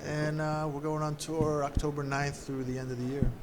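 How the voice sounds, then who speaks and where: A man's voice: a little high, level tone, a little fast. A man guest on a convention panel giving short, plain-spoken answers. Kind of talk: casual chat on a convention panel. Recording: loud crowd noise.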